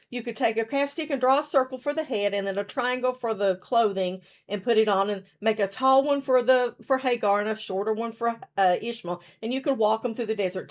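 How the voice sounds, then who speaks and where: A woman leading a children's story hour in a church, retelling a story while acting it out with her fingers and showing a craft. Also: fairly high pitch.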